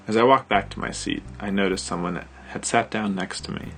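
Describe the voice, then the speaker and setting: A man's voice: lowish voice, a little fast, few pauses, a bit bright, husky, faint music behind. A man reading his own story aloud, in a shy, rambling inner-monologue manner.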